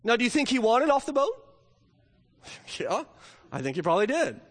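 A male pastor preaching a sermon, moving between emphatic, rising questions and quiet, slow storytelling. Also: very high voice, sing-song, in a large hall.

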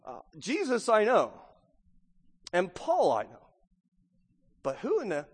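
A scornful demon-possessed man who drags out his mocking words, as a male preacher puts him on. The voice sits high. A long hall reverb trails behind each line. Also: huge pitch swings, takes it slowly, slightly rough, full character voice.

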